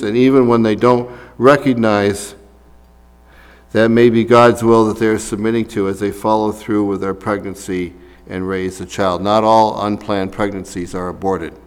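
A man's voice: lowish voice, clean tone, in a large hall. A man preaching a sermon as a pastor, talking casually with fillers and reading scripture aloud.

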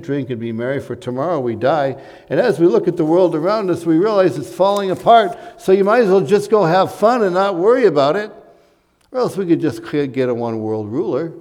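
A man's voice: medium pitch, a little mellow. Man preaching in a reverberant church. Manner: earnest preaching with rising emphasis and asides. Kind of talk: sermon. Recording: long hall reverb.

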